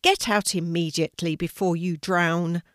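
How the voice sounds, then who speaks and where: A woman voicing a mean, bossy brother squirrel in a children's story, speaking in a sharp, scolding way. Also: lowish voice, animated, normal speed, no echo, clean studio sound, close to an everyday voice. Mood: shouting.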